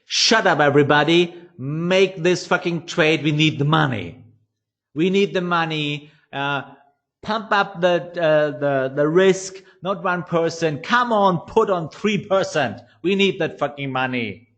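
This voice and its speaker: A man voicing a greedy, aggressive inner voice that shouts the others down. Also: fairly high pitch, measured pace, pitched above the performer's own voice. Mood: pushy.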